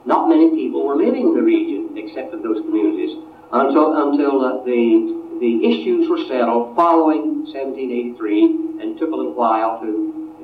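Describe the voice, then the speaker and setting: A man giving a history lecture, unhurried and often restarting his phrases. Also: medium pitch. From Appalachia. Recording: tinny, distant, roomy lecture recording.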